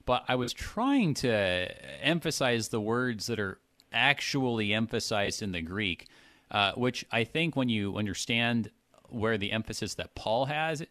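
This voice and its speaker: A man reading a Bible passage with deliberate emphasis, then discussing it casually with fillers and restarts. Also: medium pitch, expressive, sharp tone, no room sound. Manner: reads slowly with strong emphasis, then chats with fillers and restarts. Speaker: host reading and discussing scripture.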